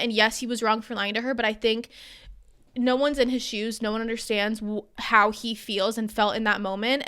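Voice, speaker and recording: A woman's voice: a little high, fairly bright tone, clear, resonant tone. A young woman in her twenties co-hosting a podcast, ranting heatedly in casual chat with lots of fillers. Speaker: podcast co-host.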